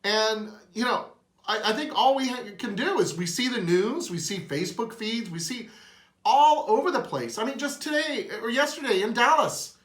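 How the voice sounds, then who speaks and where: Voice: mid-range voice, lively intonation, normal speed, echoey room. A host giving an earnest, emotional opinion monologue.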